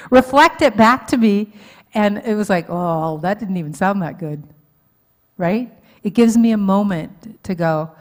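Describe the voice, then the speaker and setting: A woman's voice: medium pitch, big pitch swings, measured pace, pauses often. A woman counselor giving an informal teaching talk at a live church conference, often checking in with the audience and laughing at herself. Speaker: marriage counselor and conference speaker. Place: church hall, live event.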